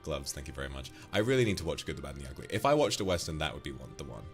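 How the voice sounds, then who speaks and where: A man's voice: a bass voice, very animated, faint music behind. A man streaming a game, chatting casually, thanking donors playfully and ranting with the odd curse. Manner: reads out donations with quick thanks, playful and flirty; swears freely and gets loud when ranting. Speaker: livestreamer. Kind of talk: casual livestream chat while gaming.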